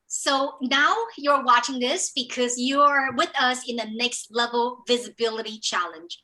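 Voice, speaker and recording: A woman with a high, bright voice leads a motivational online training. She talks eagerly and emphatically, often restarting her phrases, heard through a computer mic on a video call. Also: fairly even intonation, unhurried, poor audio. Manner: enthusiastic, emphatic, with frequent restarts. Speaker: business coach hosting an online training.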